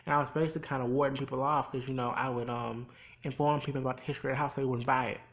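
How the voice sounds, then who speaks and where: A man's voice: mid-range voice, fairly even intonation, rapid-fire, fairly bright tone, close to an everyday voice. A man voicing a grown man who hurriedly rambles through an explanation, close to his own voice. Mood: explaining.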